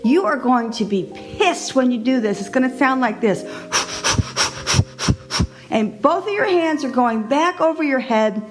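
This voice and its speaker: A middle-aged woman hosting her own podcast, talking in a chatty, animated way and laughing often. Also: sits high, unhurried, long pauses, soft background music. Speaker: podcast host. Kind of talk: casual solo podcast monologue.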